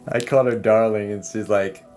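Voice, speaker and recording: A man's voice: on the low side, steady tone, fairly quick. A man speaking as a psychic medium on a casual livestream, rambling and chatty with many fillers and laughs. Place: home livestream setup. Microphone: streaming mic. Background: soft background music.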